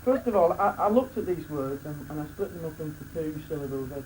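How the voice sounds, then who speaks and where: A man's voice: on the high side, animated, a little fast, rough recording. A man giving a joking wedding speech as best man, laughing between lines and restarting his sentences. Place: wedding reception room. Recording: loud crowd and noise, live reception.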